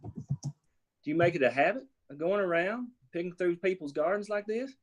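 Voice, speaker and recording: A man's voice: high-pitched, lively intonation, moderate pace. A man voicing a suspicious, grumpy male farmer with a Southern drawl. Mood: gruff.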